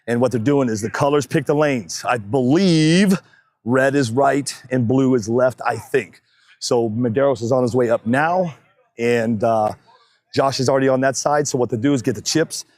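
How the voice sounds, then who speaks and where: A man's voice: mid-range voice, no room sound. Man, race announcer on a body mic, joking and chatty at an outdoor track, dry close sound, bit winded. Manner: joking, chatty, loud calls to the crowd. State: slightly out of breath. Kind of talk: casual live-stream commentary. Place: outdoor drag racing track. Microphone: wireless mic worn on body.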